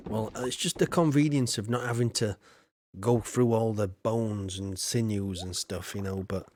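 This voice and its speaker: A man's voice: fairly low pitch, steady tone, normal speed, darkish tone. A man chatting casually while streaming a game, rambling and laughing often as he reads his chat.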